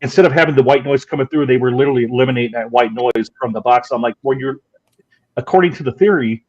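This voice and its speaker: A man's voice: mid-range voice, fast, a little mellow. A man on a paranormal panel who explains his view with many stammered restarts. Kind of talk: casual panel chat. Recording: muffled lo-fi audio.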